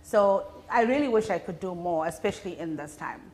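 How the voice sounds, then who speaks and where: A woman with a South African Indian English accent, a comedian being interviewed, telling stories in an animated, chatty way with many fillers. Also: on the low side, fairly quick. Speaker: comedian guest. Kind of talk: casual interview chat.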